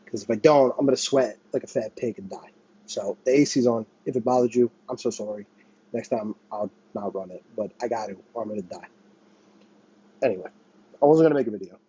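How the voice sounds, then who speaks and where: An American vlogger rants to camera from a small apartment where a window air conditioner hums, swearing and rambling while repeatedly restarting and apologizing mid-sentence. His mid-range voice is warm and husky, fairly quick, recorded dry with lo-fi sound.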